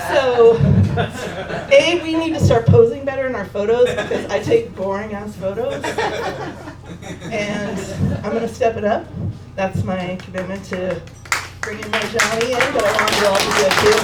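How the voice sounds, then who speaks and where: A woman telling a personal story to an audience at a live gathering, lively and laughing, swearing freely. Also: fairly high pitch, a little slow. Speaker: speaker at a memorial gathering. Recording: roomy echo, distant mic, crowd noise.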